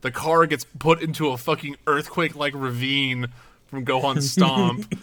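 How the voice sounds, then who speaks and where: A man co-hosting a podcast in casual chat, telling stories animatedly, acting out characters and swearing freely. He has a bright, forceful tone at a middle pitch, and the delivery is loose and conversational. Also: steady tone, unhurried. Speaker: podcast co-host.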